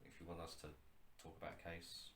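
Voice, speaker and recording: Deep-voiced jokey man in a roomy space. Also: completely flat delivery, quick pace, a bit bright, a little hiss or hum. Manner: jokey, rambling, self-mocking. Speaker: podcast co-host. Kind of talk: casual chat. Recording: roomy echo.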